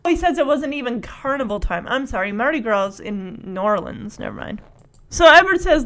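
High-voiced chatty woman recapping. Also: very animated, normal speed, a bit bright. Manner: chatty, sarcastic, laughs often. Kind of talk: casual recap chat.

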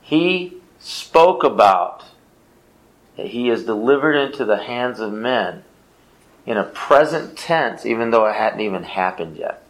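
A man's voice: medium pitch, lively intonation, a little slow, poor audio. A man leading an informal Bible study, teaching in an emphatic way, repeating phrases and answering his own questions.

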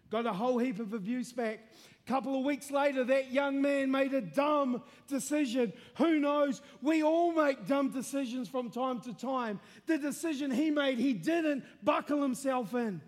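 A man preaching with a strikingly high voice for a man. He tells his testimony with earnest feeling and rises to impassioned, shouted declarations. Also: normal speed. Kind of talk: testimony sermon.

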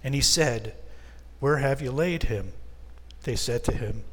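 A man of middle pitch leads a Bible study, reading passages aloud and breaking in with casual asides. His voice rings with the long reverb of a church hall. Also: a little slow. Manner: reads scripture aloud and explains it with casual asides.

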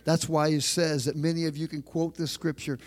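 A middle-aged man preaching a sermon as pastor of a church, emphatic, repeating phrases and slowing down on key lines. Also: fairly high pitch, level tone, darkish tone.

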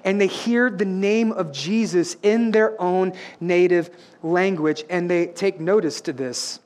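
High-voiced, fiery Pentecostal preacher man. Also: a little slow. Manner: dynamic preaching, builds from conversational asides to shouting; jokey, playful with the congregation. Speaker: pastor. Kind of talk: sermon.

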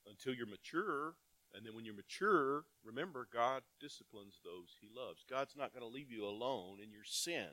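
A male pastor giving a sermon. He reads scripture aloud, asks the congregation rhetorical questions, and swings between loud emphatic calls and quiet asides. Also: medium pitch, lively intonation, moderate pace.

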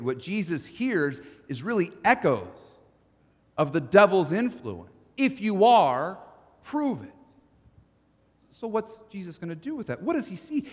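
A man preaching a sermon as pastor, swinging from loud to hushed. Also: sits high. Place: church sanctuary. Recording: long church reverb.

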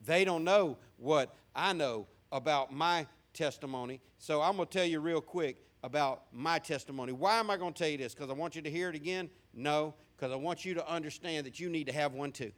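A man in his fifties preaches with a Southern American accent. His voice sits a touch high for a man, and he tells his story in a folksy, joking way. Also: brisk, hardly any pauses. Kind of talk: sermon.

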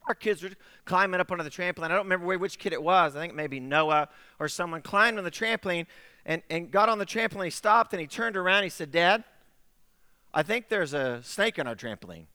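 A man's voice: high voice, quick pace, bright, forceful tone, clear, resonant tone, dry recording, big-room sound. A middle-aged man preaching a sermon, telling a personal story with acted-out dialogue. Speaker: pastor.

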